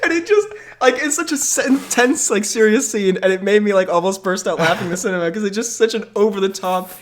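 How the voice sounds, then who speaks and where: A man's voice: high-pitched, fast, a little hiss or hum. A man co-hosting a casual podcast chat, rambling with fillers and laughing often. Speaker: podcast co-host.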